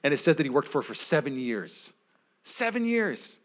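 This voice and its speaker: A man's voice: a little high, big pitch swings, normal speed. A man pastor giving a sermon in a casual, conversational way, retelling a story and acting out its people. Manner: casual, conversational preaching with acted quotes.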